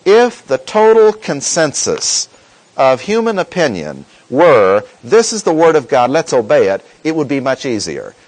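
A man preaching a sermon to a congregation, slowing to stress quoted verses and asking the listeners questions. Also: medium pitch, big pitch swings, poor audio.

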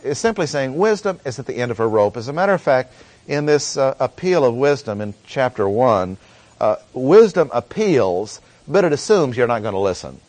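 A man gives a Bible study lecture, earnest and explanatory, stopping often on "uh" as he works through the words. His voice sits at an ordinary middle pitch. The recording is close and dry, with no room echo. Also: sing-song, a little mellow. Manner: earnest teaching tone with frequent "uh" pauses. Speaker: Bible teacher.

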